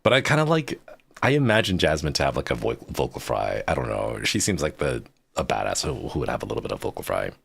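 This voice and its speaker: A man streaming a story game live, chatting excitedly with his viewers and reacting to the plot. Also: a bass voice, fast talker, gravelly, husky, dry recording. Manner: excitable and chatty, talks to chat while reading game lines.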